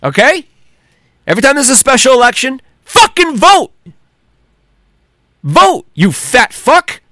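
A man hosting a podcast, delivering an angry, profanity-laden solo rant with heated shouting outbursts. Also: very high-pitched, huge pitch swings, measured pace, no room sound, clean studio sound. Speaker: podcast host.

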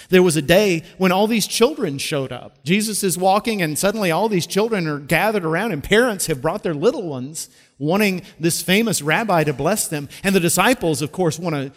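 Guy preaching a sermon in a big echoey church, kinda high voice, gets loud then real quiet. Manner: storytelling preacher with wide swings between loud and hushed. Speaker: pastor. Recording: long reverb of a large hall.

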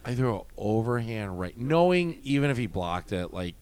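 A man telling a story in casual chat, animated and profane, often laughing. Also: on the low side, moderate pace, smooth.

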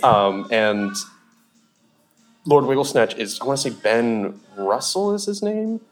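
A young man from Seattle, a sketch comedian guest chatting casually on a podcast, rambling and animated with plenty of fillers and laughs. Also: mid-range voice, takes it slowly, soft background music.

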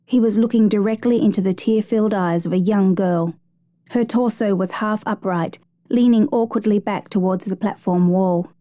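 A woman narrating a story in a measured, steady reading voice. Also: medium pitch, no echo. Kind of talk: scripted narration.

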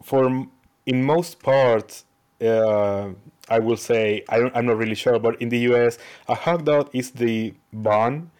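A man's voice: mid-range voice, steady tone, measured pace, darkish tone, clear, resonant tone. A man from Chile, a guest on a podcast, chatting casually and plainly.

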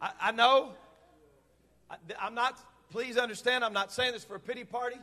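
Male pastor, very high voice, forceful bright tone, fervent sermon, emphatic repetition. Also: steady tone, moderate pace, big-room sound. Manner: fervent, emphatic preaching with repeated phrases.

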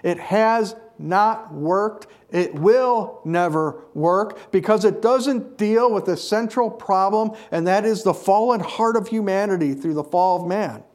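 A man delivers a sermon in a fairly high voice. He preaches earnestly and leans hard on repeated phrases to drive each point home. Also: unhurried, hardly any pauses, darkish tone.

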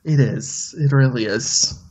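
A man's voice: mid-range voice, measured pace, crowd noise. A man from Chicago co-hosting a film podcast, joking in a wry, stubborn way, on dull lo-fi remote audio. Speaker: podcast co-host. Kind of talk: casual film podcast chat.

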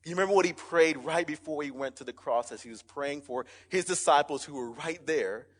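A young male pastor delivers an energetic, emphatic sermon and keeps calling out to the congregation. His voice sits high for a man. The sound rings with the long reverb of a large church hall. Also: a little fast, slightly rough. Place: church sanctuary.

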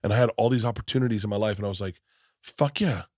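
A stand-up comedian hosting a podcast races through a story in a lowish, darkish voice with a steady tone. He rambles, restarts sentences, swears freely and acts out quoted people, all in studio-quality sound with no room sound.

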